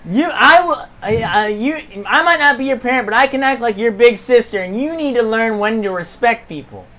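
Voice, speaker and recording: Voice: medium pitch, lively intonation, quick pace, natural voice, rough recording. A game master voicing a strict, big-sisterly woman who scolds and lectures. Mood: scolding.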